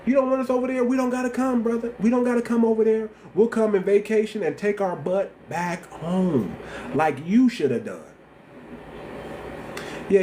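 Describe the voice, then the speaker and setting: Slight background noise accompanies a livestream host, a man with a high voice and a slight lisp. His talk is blunt, repetitive, and full of animated casual slang.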